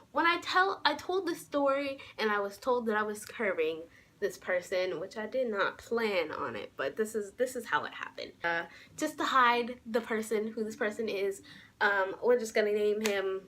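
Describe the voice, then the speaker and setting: A young adult woman vlogging, telling a casual story time in a sassy, animated way. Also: on the high side, poor audio.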